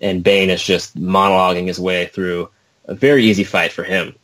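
A man's voice: low voice, flat delivery, moderate pace, a bit bright. A young adult man chatting casually, rambling and self-mocking. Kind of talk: casual chat.

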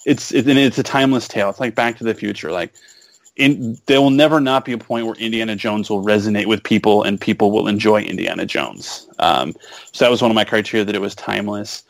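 A man's voice: fairly low pitch, fast talker, vocal fry, dry recording. Joking man on a dry recording. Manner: joking, sarcastic asides. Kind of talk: casual chat.

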